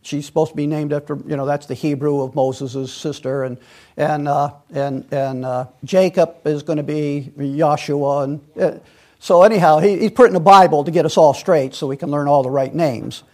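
A man's voice: a little high, fairly even intonation, normal speed, warm tone. A man leading a Bible study, rambling and digressive, with many restarts and fillers. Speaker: Bible teacher.

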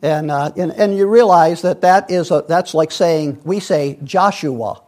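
A man's voice: a little high, measured pace, darkish tone. A man leading a Bible study, rambling and digressive, with many restarts and fillers. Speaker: Bible teacher.

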